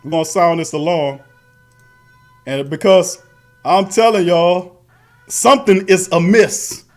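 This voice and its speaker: A man's voice: high-pitched, steady tone, unhurried, soft background music. Fired-up man ranting about football. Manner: fiery, repetitive, slangy hype with chant-like refrains. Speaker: sports talk show host. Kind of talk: live-stream sports rant.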